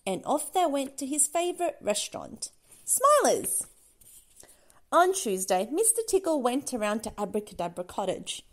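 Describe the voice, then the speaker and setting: A woman narrating a children's picture book aloud in an expressive, sing-song storytelling manner. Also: on the high side, a little fast, hardly any pauses. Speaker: storybook reader.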